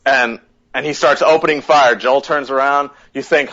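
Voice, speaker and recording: A man hosting a casual podcast chat, retelling a story with lively acted-out quotes. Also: mid-range voice, moderate pace. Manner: animated retelling, acts out quotes. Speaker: podcast host. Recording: dull lo-fi podcast audio.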